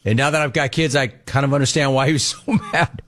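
A male sports radio host reads out listener questions and answers them in an easy, chatty way. His voice sits at a middle pitch. He tells anecdotes and briefly mimics the people in them. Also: steady tone, fast talker, fairly bright tone. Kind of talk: casual listener Q&A.

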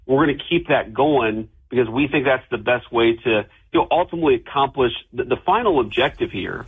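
A man speaking as a politician in a radio interview, measured, with occasional restarts. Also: medium pitch, slightly rough. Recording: phone-like radio clip.

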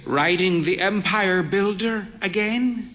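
A woman's voice: medium pitch, slow pace, a bit bright, pitched above the performer's own voice. A man voicing a frail, proud older woman with a grand, drawling, theatrical manner.

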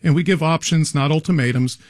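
A man's voice: fairly high pitch, brisk, dry recording, clean studio sound. A man appearing as an expert guest on a radio show, explaining earnestly with frequent restarts. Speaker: garage door company guest expert. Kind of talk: radio interview answers.

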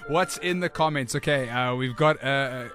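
A man hosting drive-time radio, giggly and animated. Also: mid-range voice, moderate pace, faint music behind. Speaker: radio host.

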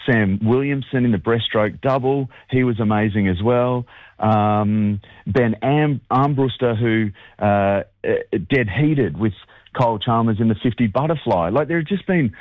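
A man's voice: medium pitch, measured pace, no echo. A man calling in as a guest on a sports radio show, chatting in a bubbly, rambling way with lots of fillers. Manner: bubbly, rambling, laughs often, many fillers. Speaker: sports broadcaster phoning in as guest. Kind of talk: excited phone interview. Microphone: telephone. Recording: dry tinny phone line.

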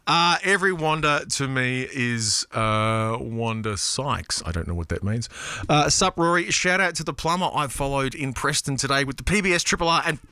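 A man's voice: mid-range voice, expressive, moderate pace, bright, forceful tone, clear, resonant tone, dry recording. A man with an Australian accent hosting a radio show in a studio, reading out listener texts in a rambling, chatty, self-deprecating way full of fillers and restarts. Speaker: radio host.

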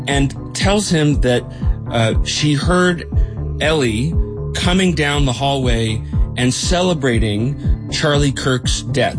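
A man, a journalist, recounting a reported story in a thoughtful, conversational way, with frequent fillers and self-corrections. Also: medium pitch.

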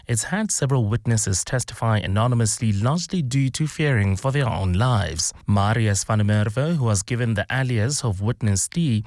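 A man anchoring a radio news bulletin, reading scripted copy in a measured, formal way. His voice sits at an ordinary middle pitch and is recorded close and dry in a studio. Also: no room sound. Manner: steady formal delivery.

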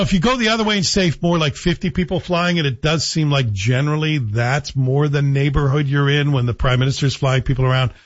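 Guy ranting about politics, sarcastic rhetorical questions, kinda raspy, muffled dry audio. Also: mid-range voice, dry recording. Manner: sardonic, rhetorical questions to the listener. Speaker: political commentator. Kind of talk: opinionated monologue.

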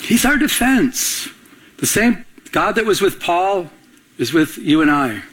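A man's voice: sits high, sing-song, unhurried, fairly bright tone, low-quality recording. A man preaching as a pastor, telling stories and asking the congregation call-and-response questions. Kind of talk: sermon.

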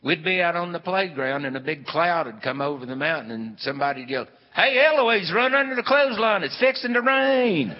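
A man's voice: medium pitch, brisk, few pauses, voice pushed up, lightly acted. A man voicing a thin older Southern church secretary, chatty and folksy, in a dull recording with long hall reverb. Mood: lively. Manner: chatty, folksy, recalling childhood teasing.

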